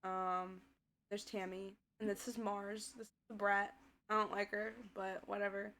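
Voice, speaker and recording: Slow-talking, giggly woman streamer. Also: mid-range voice, little pitch movement, pushed and bright, a little hiss or hum. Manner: chatty, giggly, answering chat. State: voice tiring. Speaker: VTuber streamer. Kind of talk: casual live-stream chat while playing a game.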